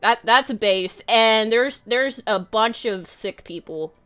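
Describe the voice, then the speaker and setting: Woman streamer, casual rambling commentary, bright crisp voice, unhurried, faint music behind. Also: a little high. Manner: rambling, giggly, swears freely. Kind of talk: casual livestream commentary while drawing.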